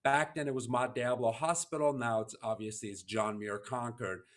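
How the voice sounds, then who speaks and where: A man's voice: mid-range voice, fairly even intonation, moderate pace. A man hosting a podcast, telling a personal story in an earnest, emotional, heartfelt way. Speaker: podcast host.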